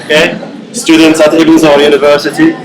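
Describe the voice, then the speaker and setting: In an echoey lecture hall, a male university lecturer teaches slowly and deliberately in a slightly high, monotone voice. As he explains, he keeps asking "okay?" to make sure the class is following.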